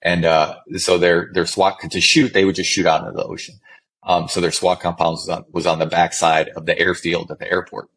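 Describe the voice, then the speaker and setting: A middle-aged man with a very low voice talks as a podcast guest about his service years. He rambles and restarts often, swears now and then, and keeps a casual, storytelling tone. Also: flat delivery, fairly quick, a bit bright, rough recording. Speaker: guest, former special forces medic.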